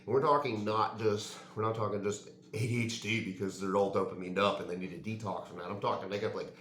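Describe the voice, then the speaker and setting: A man's voice: on the low side, fairly even intonation, quick pace, fairly bright tone, roomy sound. A man ranting casually and heatedly to the camera, swearing and saying "dude" and "like" often. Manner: heated, profane, says "dude" and "like" a lot. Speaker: fitness vlogger.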